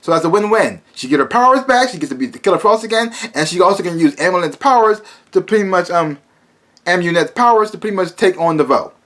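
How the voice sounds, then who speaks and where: A man's voice: high voice, animated, fast talker, fairly bright tone. Rambling man reviewing a TV episode. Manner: rambling, many restarts and fillers, exasperated asides. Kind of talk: casual spoken review.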